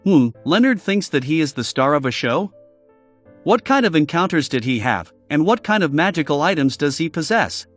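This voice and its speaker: Lively man narrating a fantasy novel. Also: on the high side, normal speed, soft background music. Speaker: audiobook narrator.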